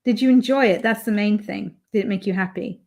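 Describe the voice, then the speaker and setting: With a gravelly, darkish, mid-range voice, a British woman talks fairly quickly while streaming live from home. She keeps things casual, reading out chat comments and using many filler words.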